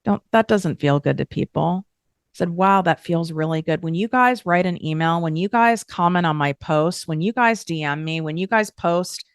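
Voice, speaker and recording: A woman with a fairly low voice hosts a podcast, delivering a candid self-help monologue frankly and emphatically at normal speed while swearing casually. The tone is clean, with no echo and clean studio sound.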